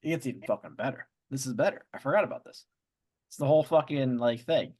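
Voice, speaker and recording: A man co-hosting a podcast, retelling a book's plot in an animated, swearing, jokey way. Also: medium pitch, fast. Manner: animated storytelling, swears, jumps into silly voices. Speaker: podcast co-host. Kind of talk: casual book discussion chat.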